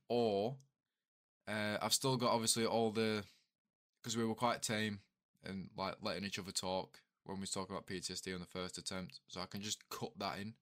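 A man's voice: on the low side, a bit bright, clean tone. A young man on a casual podcast, telling crude jokey army stories. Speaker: podcast co-host and editor. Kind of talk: casual chat.

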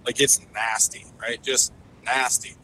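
A man's voice: medium pitch, flat delivery, unhurried, pushed and bright, slight background noise, rough recording. A man, a fishing guide, talking in a casual podcast interview, enthusiastic and rambling with lots of fillers and restarts.

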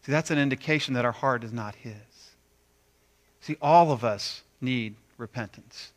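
A man preaching a sermon, animated, acting out quoted voices with big swings between loud and quiet. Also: mid-range voice, normal speed. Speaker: pastor.

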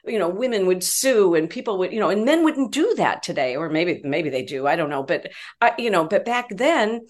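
A woman in her sixties, a veteran reporter, telling an animated story as a podcast guest and filling her talk with "like" and "you know". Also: lowish voice, normal speed. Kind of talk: casual storytelling chat.

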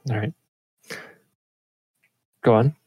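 A podcast co-host playing along in an improvised story game, trading deadpan quips and laughing often. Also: extremely slow, highs cut off. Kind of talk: casual comedic improv banter.

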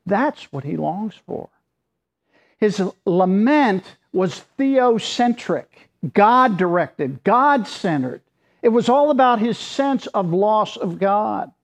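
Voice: mid-range voice, animated, takes it slowly. A pastor preaching a sermon in a conversational but emphatic way, with informal asides.

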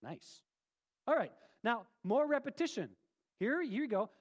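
A pastor preaching a sermon in a conversational, playful way, asking the congregation questions. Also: male voice, very high-pitched, big pitch swings, unhurried, slightly rough.

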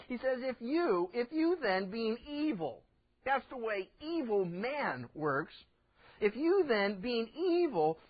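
A man's voice: extremely high pitch, highs cut off. A man preaching a sermon as pastor, folksy, acting out little voices in his stories.

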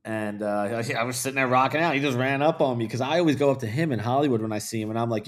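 A man telling loose, profane party stories in a casual podcast chat, full of fillers, dropping to quiet asides and rising into loud excited bursts. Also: mid-range voice, quick pace, hardly any pauses. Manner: loose, profane, rambling storyteller with many fillers. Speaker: podcast guest, videographer.

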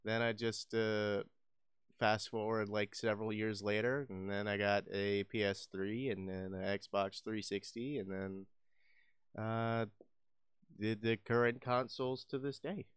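A man's voice: lowish voice, flat delivery, measured pace, smooth, no room sound, studio quality. A young man co-hosting a casual gaming chat, reacting easily and swearing now and then. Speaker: podcast co-host.

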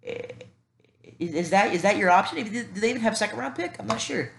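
A young man from the American South with a Southern accent, hosting a solo sports podcast on a cheap headset and talking fast, animated and rambling, with many restarts. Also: sits high, vocal fry, roomy sound, a little hiss or hum. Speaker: podcast host. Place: at home by a computer.

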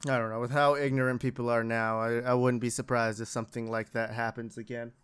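Laid-back man with a smooth voice. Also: medium pitch, flat delivery, fairly quick, fairly bright tone. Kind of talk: casual chat.

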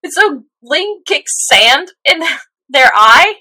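A woman's voice: high-pitched, slow. A woman co-hosting a podcast, chatting casually and animatedly about an episode. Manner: animated, acts out reactions. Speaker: podcast co-host. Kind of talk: casual recap chat.

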